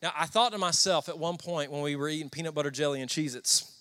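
Southern preacher, young man, high-ish bright voice, chatty storyteller who quizzes the room. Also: fast talker. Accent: Southern American. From Southern United States. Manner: storytelling, conversational, asks the crowd questions. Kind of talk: sermon. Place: church before a congregation.

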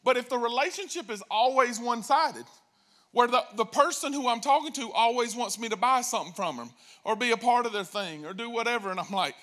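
A man preaching a sermon as pastor, telling jokes and stories in a lively way and acting out quoted voices. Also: extremely high pitch, fairly quick. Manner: animated, joking storytelling with acted-out voices.

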